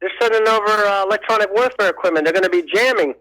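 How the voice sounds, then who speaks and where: A man's voice: sits high, quick pace, fairly bright tone. A man from New Jersey calling in to a radio show, chatting and speculating. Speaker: radio caller. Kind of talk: phone-in call. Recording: tinny phone line.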